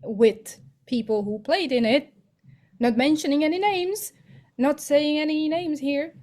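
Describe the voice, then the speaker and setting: A woman's voice: high-pitched, unhurried, a little mellow. A woman co-hosting a podcast, chatting casually with frequent giggles and sentences that trail off. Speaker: podcast co-host. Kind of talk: casual chat.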